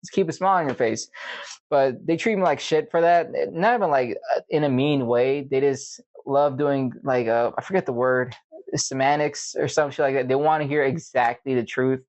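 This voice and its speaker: A man's voice: mid-range voice, steady tone, moderate pace, darkish tone. A young man hosting a podcast, talking casually in a rambling, profane, venting way. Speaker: podcast host. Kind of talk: casual monologue. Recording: dull lo-fi recording.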